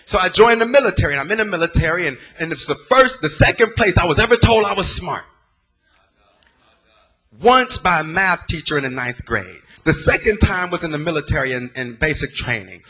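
A man's voice: a little high, animated, moderate pace, pushed and bright, husky. A man from the Bay Area giving a dramatic, emotional personal testimony in a sermon, using plain street slang. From San Francisco Bay Area.

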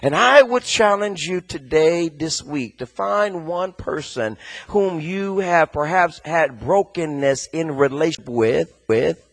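A man preaching a sermon as pastor, rising from quiet speech to a shouted, sing-song cadence. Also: on the high side, measured pace, rough recording.

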